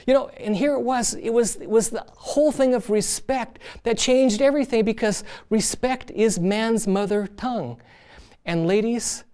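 A man's voice: sits high, normal speed, a little mellow, smooth. A man preaching on marriage in a conversational, folksy way, telling stories. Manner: conversational, folksy, many "you know"s. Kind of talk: sermon with storytelling.

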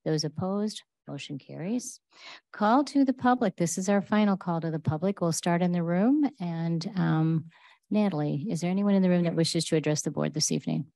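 A woman chairing a public board meeting, running through agenda items in a brisk, procedural way. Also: fairly low pitch, gravelly, warm tone. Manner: brisk, procedural, light laughs.

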